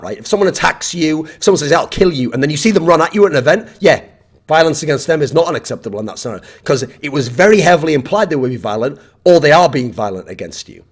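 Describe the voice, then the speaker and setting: A man's voice: a little high, slightly rough. A man delivering a blunt, profane opinion rant as an esports commentator.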